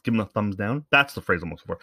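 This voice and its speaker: A man's voice: fairly low pitch, lively intonation, racing, sharp tone, dry recording. A man hosting a podcast, giving casual, rambling commentary in a sarcastic, profane way. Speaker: podcast host.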